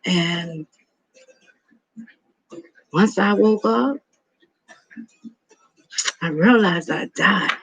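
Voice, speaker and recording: A man's voice: high voice, very slow, vocal fry, pauses often, a bit bright, breathy edge, dry recording, poor audio. A man in his thirties telling a rambling, profane personal story in a casual monologue. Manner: rambling, profane, repeats himself. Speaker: vlogger.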